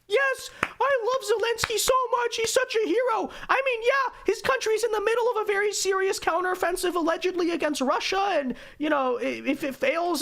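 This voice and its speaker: A man putting on a high, breathless, gushing voice to mock an adoring liberal fan. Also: vocal fry, fairly bright tone, heavily acted.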